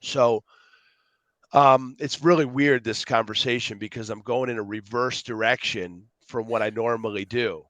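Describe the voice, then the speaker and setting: Man, podcast guest, animated storyteller, acts out dialogue, wanders off on tangents, mid-pitched voice, dry close sound. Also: moderate pace, no room sound. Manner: rambling, jumps between tangents. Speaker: podcast guest, youth speaker. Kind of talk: casual storytelling interview.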